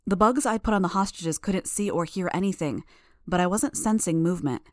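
Woman reading an audiobook, lowish voice, steady pace, dry sound. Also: a little fast, dry recording. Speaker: audiobook narrator. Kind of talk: first-person audiobook narration.

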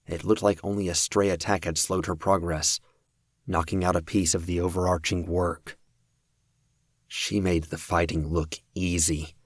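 A man reading a novel aloud as an audiobook narrator, with steady, even storytelling. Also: sits low, no echo, clean studio sound.

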